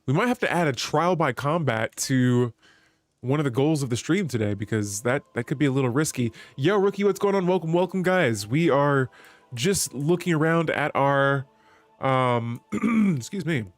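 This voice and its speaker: A man's voice: medium pitch, expressive, normal speed, no echo. A man streaming a strategy game, chatting with viewers and reading the in-game text aloud. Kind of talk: live gameplay commentary.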